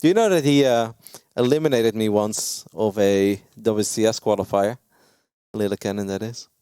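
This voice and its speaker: A man doing live esports commentary, excitable and quick to laugh, his pitch leaping up when something surprises him. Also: clear, resonant tone, no echo. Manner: excitable, laughs often, jumps high in pitch. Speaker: esports caster.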